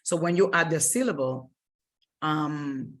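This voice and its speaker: A woman's voice: low voice, a little slow. A woman teaching Spanish grammar in a recorded lesson, explaining patiently step by step and often stopping to rephrase.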